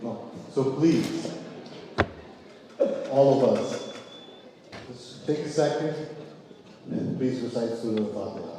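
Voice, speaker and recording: A man's voice: mid-range voice, takes it slowly, long pauses, noisy background. Upbeat man emceeing in a hall. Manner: upbeat, rallying the audience. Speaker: gala co-emcee. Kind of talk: event hosting. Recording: echoey banquet hall, distant mic.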